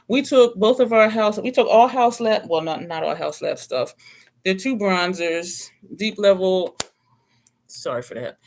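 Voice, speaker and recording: A beauty vlogger talks through their makeup in a loose, chatty way, often stopping to correct a product name. The voice sits at a middle pitch, and playful asides and small laughs come up now and then. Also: slight background noise. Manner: chatty, rambling product rundown with self-corrections. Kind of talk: casual makeup review chat.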